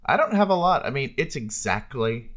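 A man's voice: medium pitch, very animated, moderate pace, a bit bright. A man co-hosting a podcast, chatting frankly and casually. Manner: frank, candid and talkative. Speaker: podcast co-host. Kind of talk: casual chat.

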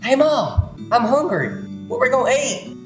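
Woman playing a whiny hungry kid, high, sing-song, echoey room, music behind. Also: sing-song, measured pace. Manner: whining, complaining. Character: whiny hungry poor young child.

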